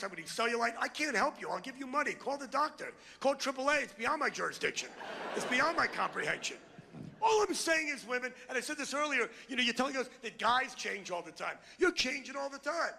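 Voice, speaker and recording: A man in his sixties doing a loud, ranting, insulting stand-up comedy routine on a club stage. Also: sits high, creaky, a little hiss or hum.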